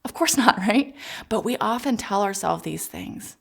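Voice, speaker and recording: A woman child psychologist giving a gentle, encouraging parenting talk, speaking directly to parents. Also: medium pitch, expressive, a little slow, vocal fry.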